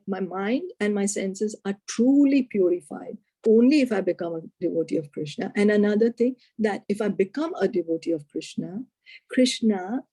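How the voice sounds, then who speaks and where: A woman teaches a spiritual lesson, retelling a scripture story and drawing out its morals. She speaks in a warm, dark, slightly husky voice. She leans on rhetorical questions to draw her listener in. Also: mid-range voice, no echo.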